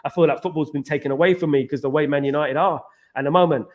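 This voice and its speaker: An Englishman hosts a laid-back live stream, bantering with viewers in an animated, repetitive way and tossing out slang shout-outs. He talks fast in a slightly high voice.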